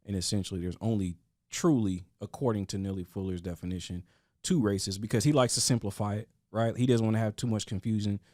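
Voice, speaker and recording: A man with a fairly low voice makes his case in a casual podcast discussion. He stammers and restarts his sentences often. The sound is close and dry. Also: steady tone, fast talker, a little mellow, no room sound. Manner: earnest, with frequent restarts and stammers.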